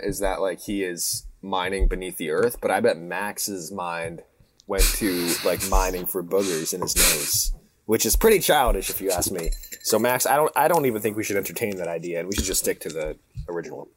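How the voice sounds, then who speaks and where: A man's voice: sits low, fairly quick, a little hiss or hum. A young man in casual chat, playfully pompous and cursing at his own slips while spinning a comic story.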